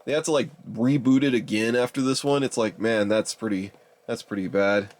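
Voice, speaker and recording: A young man in his twenties giving casual, rambling video commentary, exasperated and addressing his viewers as ladies and gentlemen. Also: fairly low pitch, steady tone, moderate pace. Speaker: YouTuber reviewing a DVD player.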